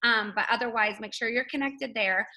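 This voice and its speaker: A woman's voice: on the high side, normal speed, bright, forceful tone, low-quality recording. A woman hosting a casual team video call, chatty and upbeat, laughing often.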